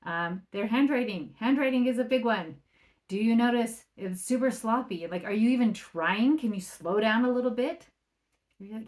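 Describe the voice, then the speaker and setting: A woman's voice: on the high side, expressive, normal speed. Chatty woman parenting coach podcasting. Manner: conversational, often adds "right?"; acts out quoted remarks in a livelier or softer voice. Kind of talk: solo podcast talk.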